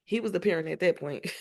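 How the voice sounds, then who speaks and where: Woman vividly retelling family memories. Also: lowish voice. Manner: animated, laughs often, acts out remembered dialogue. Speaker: mother of a child with cancer, podcast guest. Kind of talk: emotional podcast interview storytelling.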